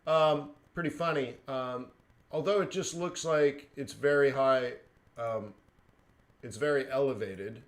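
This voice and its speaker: A man's voice: mid-range voice, measured pace. A man hosting a live trading stream, talking casually with lots of fillers and chuckled asides. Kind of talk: casual chat.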